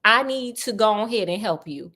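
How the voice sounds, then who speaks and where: A woman's voice: mid-range voice, expressive, normal speed, sharp tone. A woman voicing a loyal, worried male doctor who scolds his friend in slang. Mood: exasperated. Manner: exasperated, slangy, affectionate.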